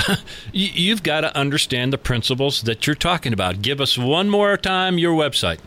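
A man's voice: on the high side, sing-song, moderate pace, bright, forceful tone. A man hosting a business podcast, upbeat and enthusiastic, with frequent affirmations. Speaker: podcast host.

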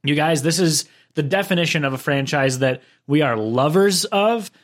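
A man's voice: a little high, expressive, normal speed. Upbeat man hosting a gaming podcast. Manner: laughs often, rambling with restarts. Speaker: podcast host. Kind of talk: casual podcast chat. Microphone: shared microphone, leaning away at times.

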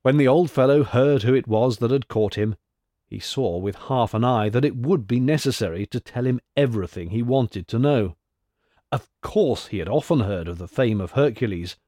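A male narrator reading a classic tale aloud in a measured, expressive way. His pitch sits in an ordinary middle range. The recording is close and dry, with no room sound. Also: no room sound.

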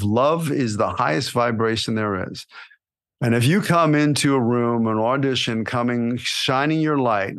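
A man hosting a podcast as an acting coach, giving motivational advice in a lively, coaching way, often tagging on "right?" and "you know". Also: mid-range voice.

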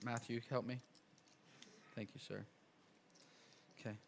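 A male pastor preaching a casual, energetic sermon to a church congregation, full of slang, repeats and asides. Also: medium pitch, slow, gravelly, background noise. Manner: lively, chatty preaching with slang and repetitions. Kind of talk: sermon with a live illustration.

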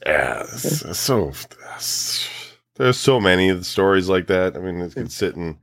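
A man's voice: deep voice, very animated, normal speed, gravelly, fairly bright tone, no room sound. A man co-hosting a podcast in casual chat, laid-back, cursing, filling with "like" and "right". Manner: laid-back, swearing, lots of fillers like "right" and "like". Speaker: podcast co-host.

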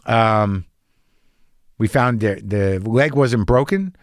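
A man's voice: lowish voice, takes it slowly, dry recording, clean studio sound. A man telling a rambling, anxious story in a casual monologue, swearing and restarting often, as a podcast host.

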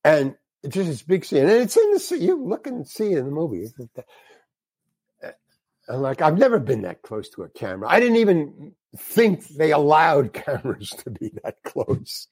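Older man telling animated, profane stories. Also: a little high, normal speed, slightly rough, no echo. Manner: animated, swears freely, acts out voices. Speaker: guest actor. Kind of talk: anecdotal storytelling.

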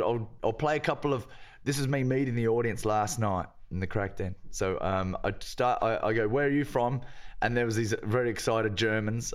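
A man's voice: fairly low pitch, smooth. An Irish man co-hosting a comedy podcast, chatting casually in a jokey way and laughing easily. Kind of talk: casual chat.

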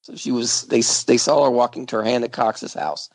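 A man hosting a podcast, telling a true crime case in a casual, jokey way with frequent laughs and halting restarts. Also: medium pitch, fairly even intonation, creaky, a little mellow, no echo. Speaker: podcast host.

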